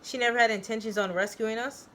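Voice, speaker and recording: A woman reading a story aloud, voicing a panicked young man who shouts accusations. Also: on the high side, steady tone, fast talker, pitched above the performer's own voice, close to an everyday voice. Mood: frantic.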